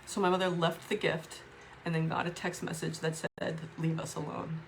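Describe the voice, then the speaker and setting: A woman talking to camera in a raw, emotional vlog, upset and swearing, with halting restarts. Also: low voice, level tone, a little hiss or hum. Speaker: vlogger.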